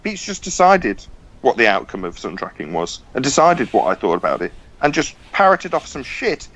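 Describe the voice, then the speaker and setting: A man's voice: sing-song, moderate pace, a bit bright. A man hosting a podcast, arguing angrily on a call, swearing and insisting he be heard. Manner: angry, sweary, insistent, swings in pitch. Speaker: podcast host. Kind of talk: heated argument on a call. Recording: dull lo-fi call audio.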